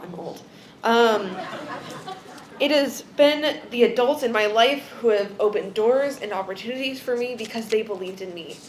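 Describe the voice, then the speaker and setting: A woman's voice: a little high, slight background noise. A young woman giving an emotional acceptance speech at an event, tearful and laughing, often losing her place in her script. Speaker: award speaker.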